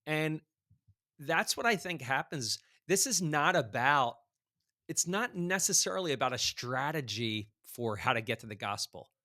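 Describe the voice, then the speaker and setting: Animated storytelling man, dry sound. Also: a little high, unhurried, no room sound. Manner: animated storyteller acting out dialogue, frequent fillers. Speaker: guest author. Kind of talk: casual storytelling in a podcast conversation.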